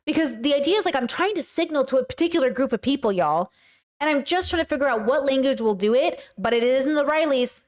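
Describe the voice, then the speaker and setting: High-pitched woman host; chatty commentary, lively, throws in mocking impressions. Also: fast. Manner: animated, often puts on mocking voices. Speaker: podcast host reacting to a video. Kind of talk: casual commentary with live chat.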